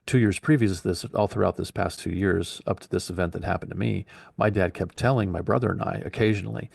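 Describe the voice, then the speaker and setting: A man's voice: on the low side, creaky, a little mellow, breathy edge, dry recording. A man in his forties telling a long personal story in a casual, rambling way, acting out the dialogue he quotes.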